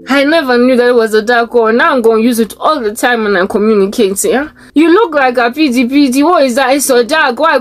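A woman speaking as a Christian vlogger in a casual, rambling monologue, reading search results aloud and sometimes breaking into sing-song chanting. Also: on the high side.

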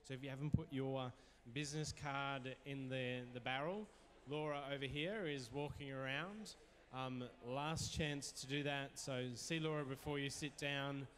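A man hosting an event, making relaxed announcements with some hesitations. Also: mid-range voice, a little slow. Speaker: event host. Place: event venue with audience. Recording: hall reverb.

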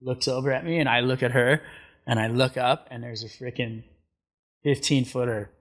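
Animated man telling surf stories. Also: mid-range voice, moderate pace. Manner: animated storyteller, acts out quotes, laughs often. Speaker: surf commentator and guest. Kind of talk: casual storytelling interview.

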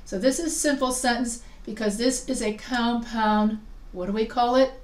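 A woman's voice: fairly high pitch, fairly even intonation, moderate pace. A woman teaching a writing class, chatty and full of questions to her students, often restarting her sentences. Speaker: writing instructor. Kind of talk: live class lesson. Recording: echoey room, voice from far off.

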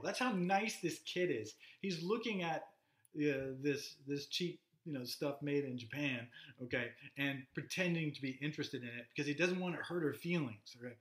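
A man giving a casual, halting literature lecture, stopping often with fillers and reading passages aloud. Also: on the high side, fairly bright tone. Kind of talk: recorded classroom lecture. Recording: roomy echoey room.

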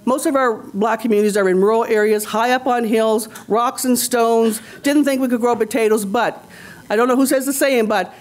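A woman's voice: fairly high pitch, steady tone, normal speed, a little mellow. A woman from Nova Scotia, a community leader speaking on a conference panel in a rousing, rhetorical way, repeating phrases for emphasis. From Nova Scotia, Canada. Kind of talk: impassioned panel talk.

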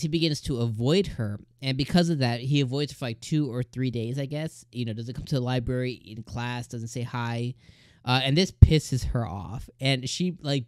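A man hosting a casual anime episode review, talking in an excited, rambling way with plenty of fillers. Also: medium pitch, no room sound, clean studio sound.

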